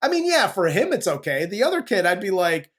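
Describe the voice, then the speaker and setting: A man's voice: high voice, very animated, a little fast, a bit bright. Joking, crude male movie podcast host. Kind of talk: casual movie review chat.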